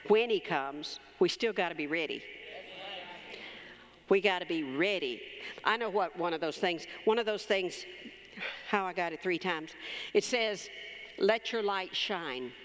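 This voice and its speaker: A woman's voice: medium pitch, a bit bright. Woman preaching in a reverberant church. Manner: conversational storytelling, calls for amens. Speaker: pastor's wife preaching. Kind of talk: sermon with personal story.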